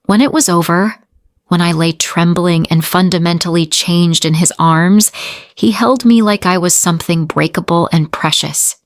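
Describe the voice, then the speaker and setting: A woman narrates a first-person romance story in a fairly low voice. She builds drama through short, clipped fragments. The sound is close and dry, with no room echo. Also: normal speed.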